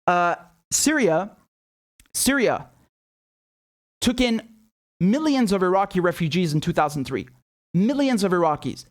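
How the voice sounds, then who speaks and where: A man with a fairly high voice delivers angry political commentary. He swears freely and hammers his points with repeated words. He often throws out mocking rhetorical questions. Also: sing-song, a little slow, pauses often. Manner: heated, profane, emphatic with many repeated words.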